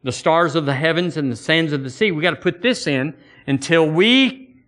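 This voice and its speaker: A man preaching a sermon in a folksy, conversational way, his voice sitting a little high. He repeats words as he works toward a point and slips into old-fashioned scripture phrasing. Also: normal speed, a bit bright. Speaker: pastor.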